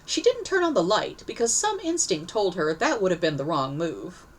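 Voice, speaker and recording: A woman's voice: fairly low pitch, sing-song, moderate pace, slight background noise, poor audio. A woman narrating a story aloud, reading expressively and correcting herself now and then. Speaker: story reader.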